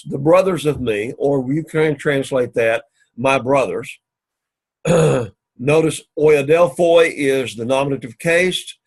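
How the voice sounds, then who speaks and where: Man, mid-pitch, patient Greek instructor, steady repetitive explaining, slow careful pronunciation. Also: breathy edge, rough recording. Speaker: Greek teacher. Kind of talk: recorded class lecture.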